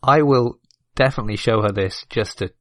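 A man's voice: on the low side, brisk, dry recording, clean studio sound. A man who is a podcast guest, chatting casually and rambling, laughing often as he talks.

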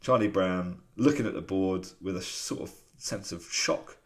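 A man's voice: sits low, a little slow. A man co-hosting a podcast, chatting casually and rambling a little with fillers as he walks through comic strips. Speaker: podcast co-host. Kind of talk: casual chat.

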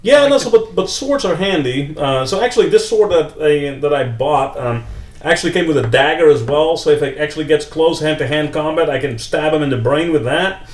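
A man's voice: a little high, brisk, echoey room, far from the mic. A man with a Dutch accent, chatting as a podcast guest, restarting his sentences often. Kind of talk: casual chat.

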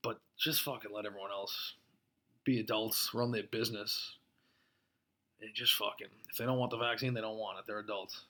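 Profane ranting man with a low voice. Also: fairly even intonation, normal speed, pushed and bright. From Massachusetts. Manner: profane, laughing, worked-up ranting. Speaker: podcast host. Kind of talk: casual ranting podcast monologue.

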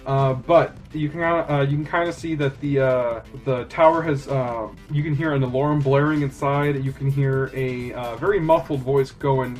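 A man's voice: mid-range voice, steady tone, normal speed, hardly any pauses, a little mellow, faint music behind. A man narrating as game master of a tabletop role-playing game, rambling with many fillers and frequent laughter.

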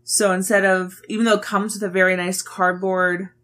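A woman in a relaxed podcast chat, talking at an even middle pitch. She explains things step by step, with loose, rambling sentences full of fillers. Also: normal speed. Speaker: board game podcast co-host. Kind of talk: casual chat.

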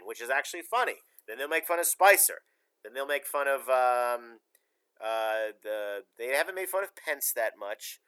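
A man's voice: mid-range voice, pushed and bright. A man hosting a casual talk show, giving emphatic, rambling opinions.

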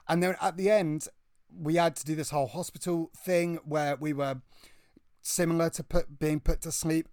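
A man with a British accent telling a story in casual chat, excitable and breathless, often restarting his sentences. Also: fairly high pitch, no echo, studio quality.

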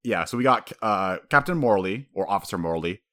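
A man co-hosting a casual chat, excitable and swearing freely, sometimes acting out characters. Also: fairly low pitch, brisk. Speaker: podcast co-host.

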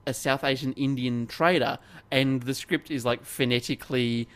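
A man's voice: medium pitch, fairly even intonation, normal speed, a bit bright. A man co-hosting a casual chat, rambling with many restarts and laughs. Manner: rambling, self-interrupting, laughs often. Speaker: podcast co-host.

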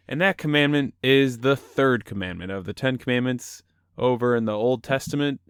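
A man's voice: medium pitch, moderate pace, smooth, no room sound, studio quality. A young man hosting a casual Christian podcast, upbeat and joking, often laughing. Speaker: podcast host.

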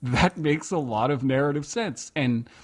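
Guy on a podcast, rambly and animated, mid-pitched voice, tripping over his words. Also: unhurried. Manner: chatty, animated, many restarts. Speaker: podcast co-host. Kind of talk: casual chat.

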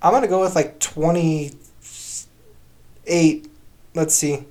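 A young man co-hosting a casual sports podcast, animated and slangy, talking in quick bursts. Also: on the high side. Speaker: podcast co-host.

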